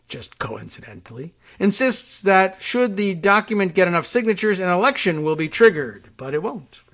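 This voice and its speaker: A man hosts a radio talk show from a studio microphone, reading news copy in a somewhat high voice. He breaks off often into dry, sarcastic remarks, trailing off with fillers as he thinks aloud. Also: fairly bright tone.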